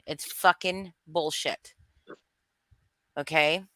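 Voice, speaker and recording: Bright-voiced woman ranting on a livestream. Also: low-pitched, steady tone, very slow, no echo. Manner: blunt, swearing, greeting chat viewers. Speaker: livestream host. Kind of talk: heated livestream commentary.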